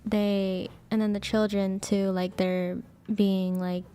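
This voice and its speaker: A woman answering a question on a panel, pausing and apologizing as she searches for words. Her voice is smooth and level, with little rise and fall. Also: medium pitch, little pitch movement, dark tone. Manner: hesitant, apologetic. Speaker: dating show guest. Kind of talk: panel discussion.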